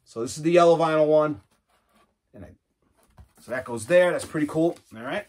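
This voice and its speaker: A man's voice: fairly high pitch, moderate pace, darkish tone. A middle-aged man casually chatting as he unboxes records, rambling and laid-back, tossing in "man" and "you know". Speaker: vinyl collector vlogger. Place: home record room.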